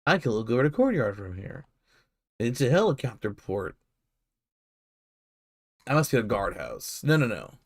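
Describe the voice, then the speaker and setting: A man's voice: on the low side, big pitch swings, quick pace, gravelly, hardly any pauses. A man streaming a horror game, rambling to himself in a playful, casual way. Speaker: gameplay streamer. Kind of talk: casual chat while playing a horror game.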